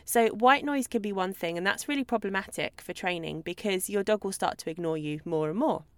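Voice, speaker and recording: A woman's voice: medium pitch, brisk, no echo. Chatty woman podcast host, dry sound. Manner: chatty, animated, acts out babbling owner voices. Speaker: podcast host, dog trainer. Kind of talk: solo podcast talk.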